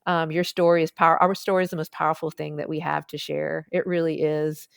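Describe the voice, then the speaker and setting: Podcast guest, woman, lowish pitch, candid storyteller, casual "like" fillers. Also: a little fast, creaky, smooth, dry recording, studio quality. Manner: chatty, many "like" fillers, lively quoted voices. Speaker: podcast guest, nonprofit founder. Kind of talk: personal storytelling in a podcast interview.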